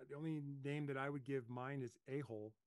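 A middle-aged man hosting a casual coaching talk, telling lively stories and acting out his own panicked voice. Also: mid-range voice, fairly quick, crowd noise. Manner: animated storyteller, acts out his own panicked voice. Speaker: host.

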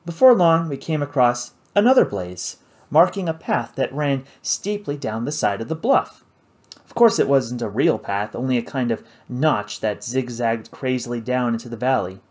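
A man narrating an adventure novel in the first person, with an expressive storytelling delivery. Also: mid-range voice, moderate pace. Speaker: audiobook narrator.

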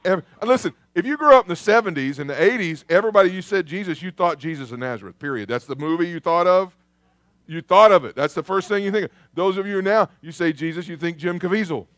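A man preaching a sermon to his congregation, lively and conversational as he calls out to them. His voice sits fairly high. The sound is dry and close. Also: fast, dry recording. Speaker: pastor. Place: church sanctuary.

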